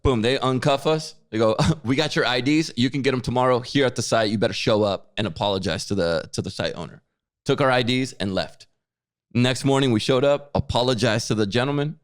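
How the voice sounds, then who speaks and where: A man co-hosting a podcast, telling a story with lively acted-out quotes. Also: medium pitch, brisk, no echo, clean studio sound. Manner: animated storyteller, acts out quotes. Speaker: podcast co-host. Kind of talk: casual chat.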